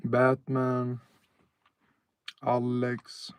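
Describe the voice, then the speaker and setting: A man's voice: medium pitch, monotone, extremely slow, a little hiss or hum. A man from northern Sweden with a Swedish accent, chatting casually on a live stream outdoors at night, laid-back and rambling with fillers and self-corrections.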